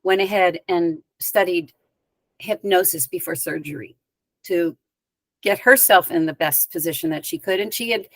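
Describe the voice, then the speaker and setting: Woman guest recounting an anecdote, chatty and lively, recorded dry and close. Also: on the low side, moderate pace, dry recording. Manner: lively anecdotal telling with conversational asides. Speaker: spiritual teacher and guest. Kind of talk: storytelling in a podcast interview.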